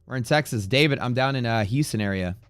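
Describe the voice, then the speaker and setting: A man's voice: mid-range voice, fast, smooth, no echo, soft background music. A man hosting a live day-trading stream, talking in a chatty, rambling way that turns profane at times. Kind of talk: casual live-stream commentary. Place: Houston area.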